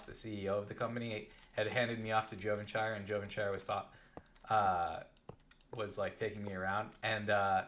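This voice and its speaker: Low-voiced young male streamer, chatty and rambling, telling stories mid-game. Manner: rambling and animated. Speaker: gaming live streamer. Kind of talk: casual storytelling while playing.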